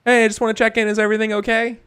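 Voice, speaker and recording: A man's voice: sits high, monotone, very fast, fairly bright tone, smooth, pitched above the performer's own voice. A man doing a fawning, nervous innkeeper. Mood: polite. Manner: ingratiating, eager to please.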